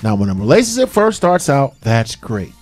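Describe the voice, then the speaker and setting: A man's voice: medium pitch, big pitch swings, moderate pace, darkish tone, soft background music. A man hosting a call-in radio talk show, speaking passionately and preaching with lots of repeated emphasis.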